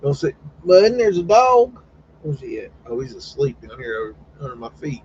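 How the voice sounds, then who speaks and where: A man's voice: mid-range voice, very animated, normal speed, darkish tone. Guy just rambling casual on a livestream, swears a lot, kinda dull sound with a little hiss. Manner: folksy, swears casually, retells chats in quoted voices. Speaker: live stream host. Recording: slightly dull, faint background noise.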